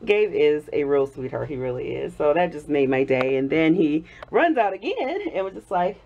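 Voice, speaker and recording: A woman's voice: low voice, very animated, moderate pace, background noise. A woman in her thirties telling a story in a casual home vlog, chatty and laughing often, still getting over an illness. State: recovering from illness. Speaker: soap-making vlogger.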